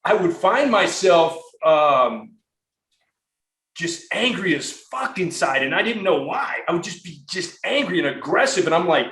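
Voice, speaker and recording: A man's voice: high-pitched, big pitch swings, a little slow, a bit bright, roomy sound, rough recording. Earnest, rambling podcast host man. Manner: earnest, rambling, profane, with many restarts. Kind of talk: casual conversational interview.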